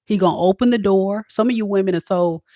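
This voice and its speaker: A woman's voice: medium pitch, fast talker, mellow, no echo, clean studio sound. A woman, a tarot reader giving blunt, preachy love advice straight to the women watching. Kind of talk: direct-to-camera advice talk.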